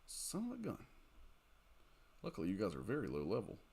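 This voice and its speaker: A tired young man chatting casually while streaming a game late at night, rambling, giggling and reacting loudly to the game. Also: sits low, wildly swooping pitch, a little fast, husky.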